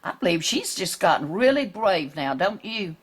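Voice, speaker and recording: A woman reading a picture book aloud to children, gently asking them questions along the way. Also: mid-range voice, very animated, moderate pace, slightly rough.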